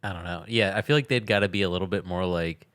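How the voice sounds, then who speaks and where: A man's voice: low-pitched, quick pace, a bit bright, no room sound. A man co-hosting a podcast, talking in a laid-back casual way and laughing often. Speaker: podcast co-host. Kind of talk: casual chat.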